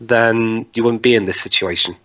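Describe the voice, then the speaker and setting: A young man with a bright, forward voice co-hosts a casual movie commentary. He riffs sarcastically on the film with his friends. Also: fairly low pitch, fairly even intonation, moderate pace. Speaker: commentary co-host.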